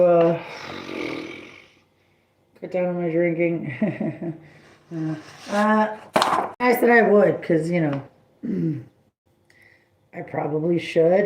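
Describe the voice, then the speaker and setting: A woman in her forties rambling through a live stream from her kitchen, peppering every sentence with "like" and casual swearing. Her voice sits fairly low, and a faint hiss runs under her chatter. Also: a little mellow. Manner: rambling, profane, full of "like". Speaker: bartender and live-stream host. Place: home kitchen and house, indoors.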